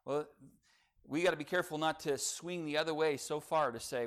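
Animated preacher with a fairly high voice. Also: male voice, a little fast. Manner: conversational preaching, frequent asides like "look" and "okay?"; animated, swings between loud emphasis and soft asides. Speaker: pastor. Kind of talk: sermon.

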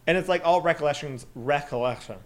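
Man, somewhat high voice, co-host reading creepy story, joking, laughs a lot. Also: fairly quick. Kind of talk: casual podcast chat and story reading.

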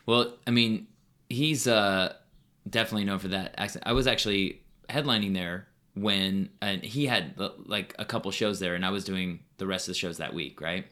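Comedian guest: man with a deep, bright voice who rambles through stories on a podcast. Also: moderate pace. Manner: rambling storyteller, many fillers. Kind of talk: casual podcast chat.

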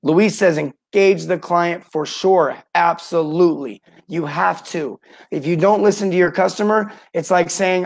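A middle-aged man hosting a live coaching talk for plumbers, energetic, greeting viewers by name and acting out what customers say. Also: high voice, fairly quick, gravelly. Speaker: podcast host and plumbing sales coach.

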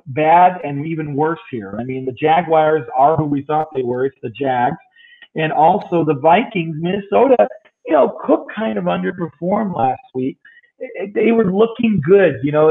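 This is a talkative podcast host with a high-ish voice and vocal fry, casually working through game picks and matchups. The sound is tinny, like a phone line.

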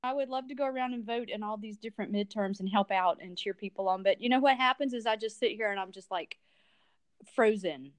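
Expressive woman, dry close sound. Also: mid-range voice, no room sound. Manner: expressive, halting, emotional. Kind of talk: casual chat.

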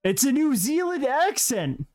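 A man's voice: extremely high pitch, sing-song, unhurried, darkish tone. A man co-hosting a podcast, reading out quiz questions in a mock-teacher tone and laughing often. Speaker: podcast co-host running a quiz. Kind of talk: casual chat.

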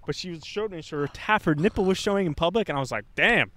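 A man's voice: high voice, expressive, fast, pushed and bright. A young man telling a rambling, profane story in casual podcast chat, recorded outdoors in a park. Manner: rambling, swearing, laughing storyteller with many restarts. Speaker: podcast co-host.

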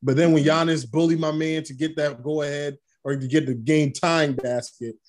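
A man with a somewhat high voice co-hosts a relaxed sports chat. He tells stories with energy and acts out other people's lines as he goes. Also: moderate pace. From Brooklyn. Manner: animated storytelling, acting out quotes. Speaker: podcast co-host.

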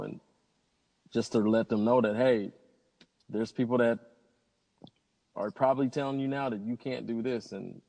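Upbeat man, lower voice, echoey. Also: creaky, a little mellow. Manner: upbeat, rambling storyteller. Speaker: pilot and interview guest. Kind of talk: casual interview conversation. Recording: long hall reverb.

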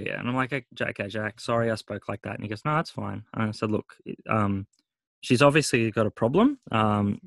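Animated middle-aged man telling a story. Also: fairly low pitch, vocal fry, no room sound. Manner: animated retelling, swearing, acting out quoted voices. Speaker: podcast co-host. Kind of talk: casual storytelling chat.

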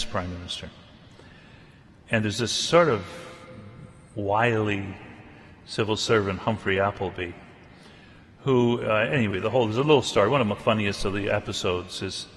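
A man preaching a sermon in an animated, chatty way that comes back to pointed remarks. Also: lowish voice, long reverb tail.

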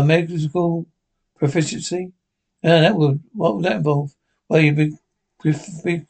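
Bickering old Scottish pensioners. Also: male voice, a little high. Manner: quick, sweary, deadpan banter. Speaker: sitcom characters. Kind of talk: scripted sitcom dialogue.

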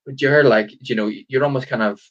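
A man's voice: mid-range voice, steady tone, brisk, fairly bright tone. A man hosting a podcast, musing in a rambling, reflective way with many fillers. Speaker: podcast host. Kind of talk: casual interview. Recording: dull lo-fi sound.

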